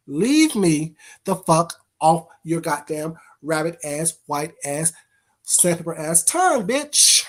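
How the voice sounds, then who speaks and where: On a casual livestream, the host's high, somewhat bright voice carries a blunt, profanity-heavy rant against trolls. He breaks off now and then to welcome chat viewers by name before resuming.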